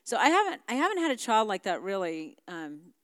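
A woman's voice: medium pitch, very animated, brisk, clean tone, dry recording, clean studio sound. A middle-aged woman speaking frankly and candidly about her family as a guest in a conversation. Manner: frank, confessional.

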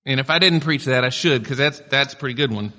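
A man's voice: medium pitch, fast talker, pushed and bright. A male pastor preaching a sermon in a conversational style, with casual asides to the congregation. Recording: long hall reverb.

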